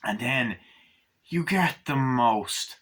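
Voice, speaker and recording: A man giving a casual, rambling movie review, swearing a lot and acting out bits of the scenes in quick mock voices. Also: mid-range voice, expressive, fairly bright tone, breathy edge. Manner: loose, profane, quotes the scenes in mock voices.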